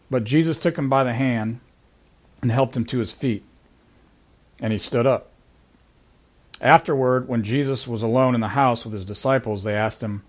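A man's voice: medium pitch, moderate pace, a little mellow. A man preaching a sermon in an earnest, conversational way, leaning into key lines with sudden emphasis. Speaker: pastor.

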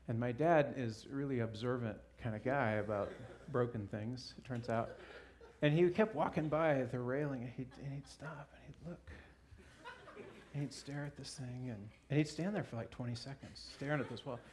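A male pastor from Alaska delivering a sermon, telling a lively personal anecdote and chuckling as he goes. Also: mid-range voice. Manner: animated storyteller, chuckling through his own anecdote. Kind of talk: sermon with a humorous personal story.

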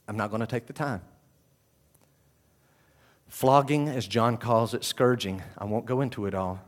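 Preaching man swinging from hushed to loud. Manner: swings from quiet and low to loud, raised exclamations. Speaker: pastor. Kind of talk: sermon.

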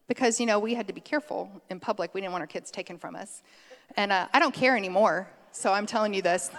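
A middle-aged woman giving a conversational sermon, chatty and quick to laugh, drifting off on tangents. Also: medium pitch. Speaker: preacher. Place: church sanctuary. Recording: long hall reverb.

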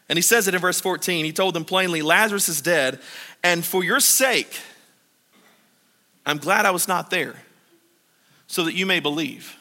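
A man preaching a sermon. He reads scripture and acts out the disciples and Martha in animated paraphrase. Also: high voice, moderate pace. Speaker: pastor. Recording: long hall reverb.

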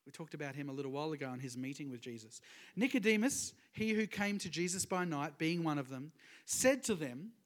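Preacher guy with a high voice, earnest n emphatic, cracks little jokes as he teaches. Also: expressive, fairly quick. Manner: earnest and emphatic, with joking asides. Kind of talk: sermon with Bible teaching.

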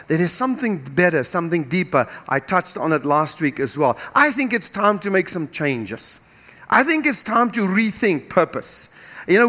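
Pastor in his fifties, native Dutch speaker, high bright voice, emphatic sermon delivery. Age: 50s. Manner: emphatic, repeating phrases, joking with the congregation.

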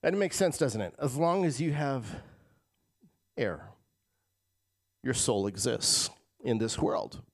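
A man preaching a sermon as pastor, shifting between loud emphatic lines and quiet, casual asides to the congregation. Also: mid-range voice, sing-song, takes it slowly, pauses often. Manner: casual, addresses crowd as guys.

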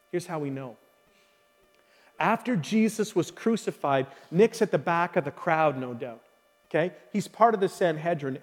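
Brief: a male pastor preaching, high voice, repeats his key phrases, asks the crowd questions, long hall echo. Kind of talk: sermon.

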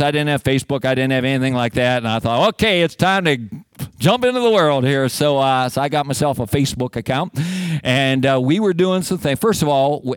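Middle-aged male pastor, mid-pitched, folksy, self-deprecating sermon delivery; dry close mic. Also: no room sound. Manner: conversational, many fillers and restarts.

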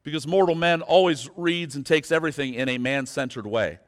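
A man preaching a sermon as pastor, turning from quiet, slow reflection to loud, fervent pleading with his listeners. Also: a little high. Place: church sanctuary. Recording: long hall reverb.

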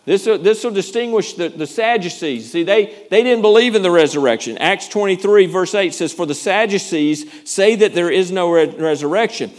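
A man's voice: high voice, lively intonation, normal speed, few pauses. A male pastor preaching a sermon in an earnest, emphatic way, often repeating words as he goes.

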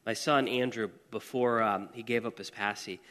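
A man's voice: fairly low pitch, steady tone, moderate pace, fairly bright tone, big-room sound. A man preaching a conversational sermon to a church audience, chatty and casual, with asides and questions to the room. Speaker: pastor. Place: church service hall.

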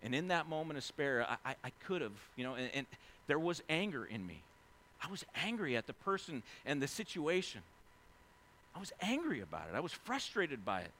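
A man in his forties, a pastor, preaching a sermon in a conversational way, swinging between loud excited stretches and hushed quiet ones, full of "you know" and "right?". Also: a little high, fairly quick, slight background noise. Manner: heavy use of fillers like "you know" and "right?".

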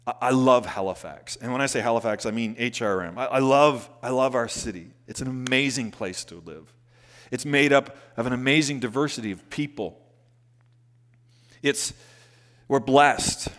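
A male pastor delivers a sermon in a church hall, his mid-pitched voice trailing into a long reverb. He drops to near-whispers, then climbs loud and insistent, repeating key phrases. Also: normal speed. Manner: swings from soft hushed lines to loud emphatic rises, repeats phrases.

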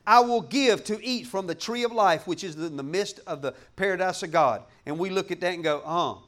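A man pastor preaching a passionate sermon in church, breaking into shouts and laughs. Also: sits high, a little fast.

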